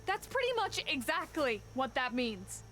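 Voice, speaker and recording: A stern tribal leader. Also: female voice, high voice, sing-song, measured pace, a bit bright, exaggerated voice. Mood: commanding. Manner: firm, authoritative.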